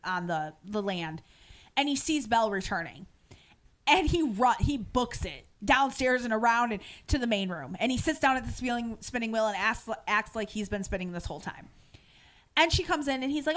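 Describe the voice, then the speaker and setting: Brief: woman podcast co-host, slightly high voice, lively rambling recap. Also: moderate pace. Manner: animated storytelling, frequent fillers and restarts. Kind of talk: casual recap of a TV episode.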